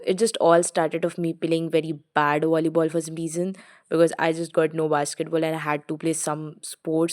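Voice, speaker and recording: A woman's voice: fairly low pitch, dark tone. Fields: Woman, young adult. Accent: Indian. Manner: chatty, rambling vlog. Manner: chatty, rambling, mixes Hindi into English. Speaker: student vlogger. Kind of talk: casual reflective vlog.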